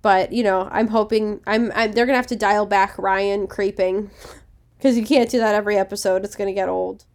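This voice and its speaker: A woman's voice: medium pitch, steady tone, moderate pace. A young woman co-hosting a podcast, giving frank, confident opinions in casual chat. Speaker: podcast co-host.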